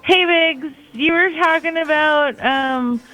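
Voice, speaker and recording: A male caller with a high-pitched voice who speaks slowly. He keeps teasing the host in a giggly way. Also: pushed and bright, low-quality recording.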